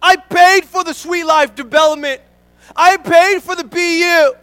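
A man's voice: extremely high pitch, fairly even intonation, a little slow, a bit bright, voice pushed up. A man preaching, imitating an entitled longtime church member who whines about being overlooked. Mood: aggrieved. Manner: whiny, aggrieved listing of complaints.

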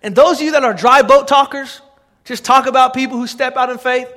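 A man preaching a sermon as pastor, building into impassioned, shouted exhortation. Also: very high-pitched, fairly even intonation, a little fast. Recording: long reverb of a large hall.

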